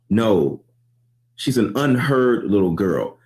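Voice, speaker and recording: A man's voice: lowish voice, animated, unhurried, a little mellow, low-quality recording. A man giving earnest, lecturing commentary in an online video, acting out the quotes he reports.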